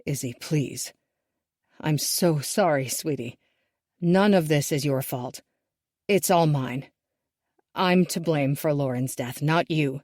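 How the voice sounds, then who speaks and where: A woman's voice: low-pitched, slow pace, pauses often, no room sound, clean studio sound. Woman doing a tearful, remorseful father. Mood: pleading. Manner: soft, pleading, regretful. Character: remorseful middle-aged father, tearful and pleading.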